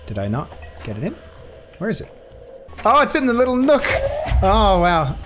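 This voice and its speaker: A male streamer doing casual let's-play commentary, excitable, joking and swearing at the game. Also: high voice, normal speed, soft background music. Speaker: gaming streamer.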